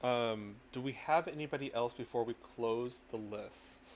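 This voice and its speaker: A man's voice: medium pitch, measured pace, slight background noise. A man hosting a casual tarot reading live stream, playful and teasing with his viewers.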